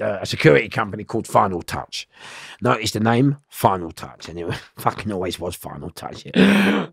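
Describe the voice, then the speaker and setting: A middle-aged interview guest tells an animated story in a heavily gravelly, mid-range, slightly bright voice whose pitch swings widely up and down. He swears freely and acts out other people's lines. The sound is close and dry, with no room sound behind him.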